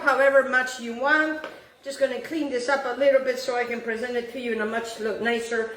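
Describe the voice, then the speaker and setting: A woman's voice: high voice, fairly bright tone, echoey room, far from the mic, rough recording. A woman hosting a home cooking demonstration, gushing over the food and dropping in Italian words. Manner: effusive, repeats "beautiful" and "wonderful", drops Italian words. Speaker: cooking show host. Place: home kitchen.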